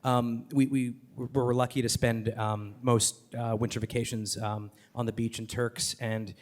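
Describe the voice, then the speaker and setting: A man talking onstage as a podcast host, enthusiastic and rapid, with many fillers, restarts and the odd swear word. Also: medium pitch, little pitch movement. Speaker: podcast host and guest speaker. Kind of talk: live onstage conversation.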